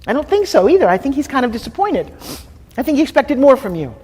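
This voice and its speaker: A woman coaching a participant live, blunt and profane, pushing hard and often shouting. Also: sits high, very animated, fast, husky. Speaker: transformational coach. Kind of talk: confrontational live coaching session. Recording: echoey hall with faint noise.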